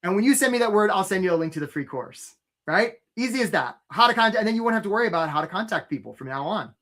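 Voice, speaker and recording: A man's voice: high-pitched, animated, quick pace, fairly bright tone. A man coaching job seekers in a live webinar, upbeat and chatty, who keeps asking "right?" and greets viewers by name. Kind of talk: energetic live webinar pitch.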